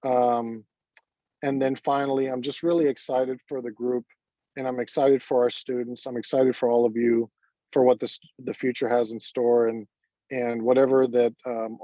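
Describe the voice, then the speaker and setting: A college dean giving an earnest, halting speech with many fillers at an online ceremony over a video call. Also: male voice, mid-range voice, dark tone, no room sound, muffled recording.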